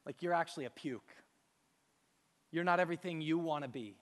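A pastor with a high voice preaches an emphatic sermon, firing off rhetorical questions and hammering repeated phrases. He speaks a little fast with a fairly bright tone, and the long reverb of a large church hall surrounds his voice.

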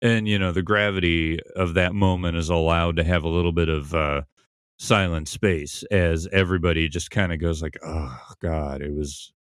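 A man's voice: sits low, level tone, normal speed, smooth, dry recording, clean studio sound. A man hosting a podcast, casually recapping and analyzing a TV episode in a thoughtful, conversational way, thinking aloud as he goes. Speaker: podcast host.

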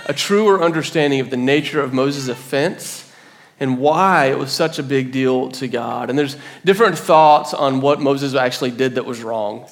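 A man in his thirties preaching a sermon as a pastor, telling stories and acting out the voices he quotes. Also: fairly high pitch. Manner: storytelling, acts out quoted voices. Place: church hall.

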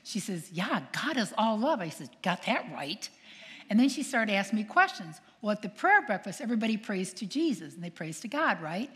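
An older woman, a nun, telling stories to an audience in a lively way, acting out quoted voices and asking her listeners questions. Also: mid-range voice, normal speed. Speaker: nun and speaker. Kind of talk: storytelling talk to an audience. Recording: long hall reverb.

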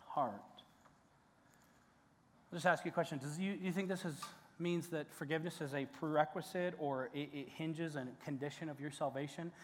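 A male pastor preaching a sermon in a conversational, emphatic way, with restarts and rising peaks of intensity. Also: fairly high pitch. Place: church sanctuary. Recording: long church hall reverb.

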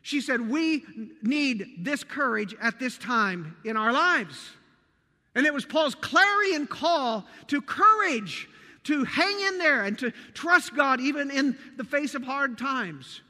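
A man's voice: very high-pitched, lively intonation, takes it slowly, pushed and bright, big-room sound. A man preaching a sermon, earnest and emphatic, asking the congregation rhetorical questions. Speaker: pastor. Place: church sanctuary.

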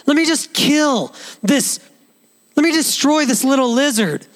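A patient angel softly coaxes a man to let go of what binds him, in a sermon retelling. The voice is gentle and unhurried, as a preacher puts it on. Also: very high-pitched, lively intonation, in a large hall, pitched above the performer's own voice. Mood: coaxing.

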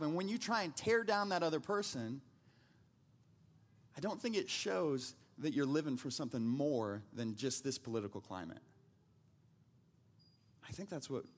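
A man's voice: on the high side, husky. A man preaching a sermon as pastor, telling stories in a casual, conversational way with frequent restarts.

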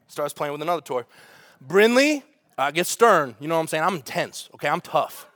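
A man, a pastor preaching a sermon with funny family stories and lively asides. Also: fairly high pitch, a little fast, dry recording, studio quality. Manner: storytelling with humor, animated asides.

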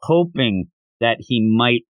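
Animated man recapping comics, lively pitch. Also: takes it slowly, no room sound, highs cut off. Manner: animated, acts out character lines in voices while recapping. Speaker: podcast co-host. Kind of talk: casual manga discussion.

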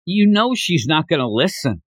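A man's voice: a little high, normal speed, dry recording. A man hosting a podcast, retelling a manga chapter in casual chat and acting out the characters. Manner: animated storyteller, acts out the characters' lines. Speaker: podcast host.

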